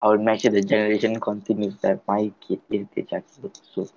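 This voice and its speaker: A man co-hosting a podcast in casual chat, hesitant and halting. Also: fairly low pitch, monotone, creaky, darkish tone, muffled recording. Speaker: podcast co-host.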